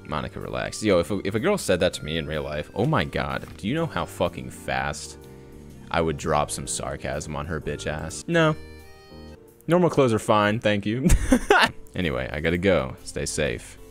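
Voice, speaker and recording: A man's voice: extremely low pitch, very animated, moderate pace, soft background music. A young man casually commenting while reading a visual novel game aloud, swearing freely and laughing often. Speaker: gaming YouTuber.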